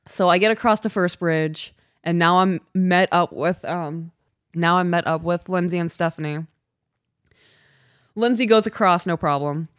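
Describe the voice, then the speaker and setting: A woman co-hosting a podcast, telling a story in casual chat, animated, swearing and laughing often. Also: lowish voice, a little slow, no room sound, studio quality. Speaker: podcast co-host.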